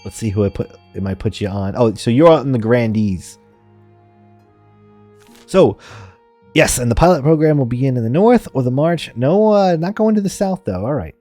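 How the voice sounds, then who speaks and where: A male streamer talks his audience through a strategy game in a relaxed, rambling way, with lots of restarts and easy laughs. His voice sits mid-range with a mellow, dark-leaning tone, and a faint bit of music plays underneath. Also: medium pitch, moderate pace, no room sound. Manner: rambling, chatty, laughs often. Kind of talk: live game-stream commentary.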